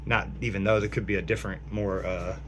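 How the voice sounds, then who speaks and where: A man's voice: on the low side, flat delivery, fast talker, a bit bright, a little hiss or hum. A man vlogging into his phone in a rambling, speculative monologue, meandering through fillers and restarts.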